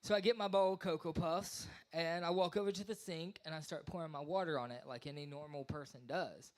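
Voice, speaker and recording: A man's voice: fairly high pitch, fairly quick. A man in his thirties works through an open-mic stand-up set. He rambles, mocks himself and slips into silly voices for the characters in his jokes. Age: 30s. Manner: rambling, self-deprecating, acts out voices. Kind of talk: stand-up comedy. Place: small live venue.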